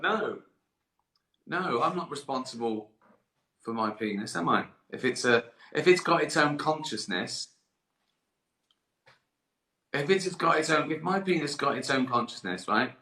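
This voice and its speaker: Male comic host, tired and giggly, bright voice, roomy echo. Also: medium pitch. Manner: giggling, swearing, deadpan asides. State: hot and tired. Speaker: comedian hosting a live stream. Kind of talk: rambling comic monologue. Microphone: live-stream camera mic.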